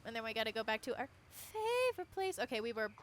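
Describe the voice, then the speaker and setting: Chatty woman streamer, fairly high voice. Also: big pitch swings, quick pace, a little hiss or hum. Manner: chatty, reacts aloud, hums to herself. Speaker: game streamer. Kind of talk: casual gameplay commentary.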